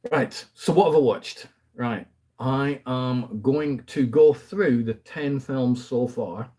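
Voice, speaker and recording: A man talks casually about films he has been watching, wandering into asides and chuckling lightly mid-sentence. His voice sits a little low, with a mellow, husky tone. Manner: chatty and rambling, with frequent asides and fillers. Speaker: movie review host. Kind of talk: casual movie review chat.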